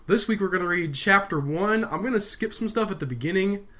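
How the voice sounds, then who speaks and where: A man's voice: high-pitched, a little fast, pushed and bright. A young man hosting a casual, comedic book reading, full of rambling, sarcastic asides. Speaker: reader, host. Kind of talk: casual comedic read-aloud.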